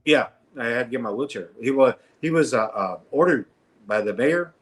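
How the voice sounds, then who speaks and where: At a normal speed and in a mid-range voice, the guest storyteller shares a street tale conversationally, full of laughter and lively impressions of others' voices.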